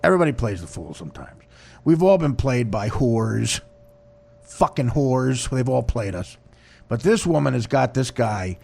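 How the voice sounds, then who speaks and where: Gravelly, lively crude comedy host. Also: male voice, mid-range voice, normal speed. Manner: crude, mocking storytelling. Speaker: podcast host.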